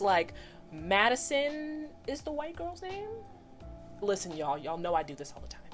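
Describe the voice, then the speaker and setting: Animated woman in her twenties recapping a cartoon. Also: medium pitch. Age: 20s. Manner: animated, chatty, acts out characters in voices. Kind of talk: casual commentary recap.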